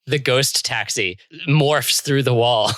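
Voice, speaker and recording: A man's voice: medium pitch, slow pace, a bit bright, no echo, studio quality. A British man improvising a comedic story as podcast co-host, laughing often as he narrates.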